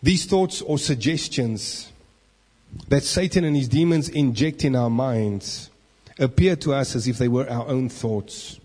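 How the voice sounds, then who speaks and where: Male pastor, sermon, husky, voices people's thoughts, reverberant church hall. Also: mid-range voice, measured pace. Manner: animated, acts out inner voices.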